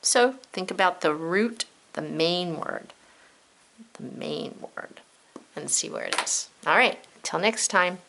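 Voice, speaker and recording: Slow, gravelly-voiced woman teacher. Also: on the low side, bright, forceful tone, a little hiss or hum. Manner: encouraging, spells words out letter by letter; thinks aloud, talks to herself. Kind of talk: spelling lesson for children.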